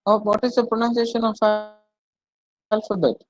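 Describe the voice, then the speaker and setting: A man's voice: high-pitched, flat delivery, moderate pace, faint music behind, poor audio. A man teaching French in an online class, explaining patiently, repeating himself and using many fillers over a video call.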